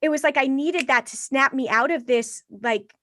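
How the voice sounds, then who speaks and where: A woman in her thirties, a podcast guest speaking candidly in an interview and bringing her past thoughts to life with animated quoted voices. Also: sits high, moderate pace, dry recording, studio quality.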